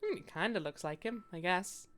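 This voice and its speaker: Playful, low-voiced woman streamer. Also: animated, moderate pace, fairly bright tone, slight background noise. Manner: playful, jokey, laughs often. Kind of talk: casual gameplay commentary.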